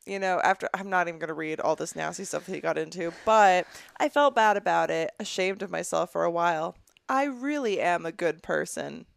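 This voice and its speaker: This young podcast co-host's voice is gravelly and on the low side, and she talks fairly quickly while reading out a listener's letter in the studio. She interrupts often with profane, frank disgust and frequent laughs, and the recording sounds close and dry with no echo.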